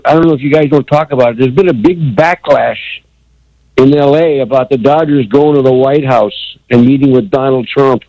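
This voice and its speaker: A male radio caller with a mellow, fairly high voice, sounding indignant and opinionated. His call comes through a dull, muffled phone line with a dry sound. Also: no room sound.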